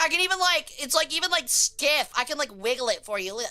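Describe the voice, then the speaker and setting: A woman's voice: high-pitched, expressive, fast, hardly any pauses, bright, forceful tone, faint music behind. A woman streamer chatting casually with her viewers, joking crudely and rambling in a chaotic way. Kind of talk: casual live-stream chat.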